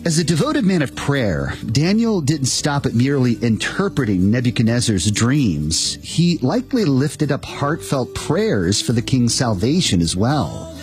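Male announcer with lively intonation over faint music. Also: mid-range voice, measured pace, hardly any pauses. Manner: smooth, promotional. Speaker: broadcast announcer. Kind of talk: scripted radio introduction.

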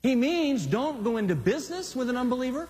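A male pastor delivers a sermon with lively, swooping delivery, his voice sitting high for a man. He talks to the congregation casually, then drops low for emphasis. A long reverb trails every phrase. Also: fairly quick. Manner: animated, conversational preaching with dramatic swings.

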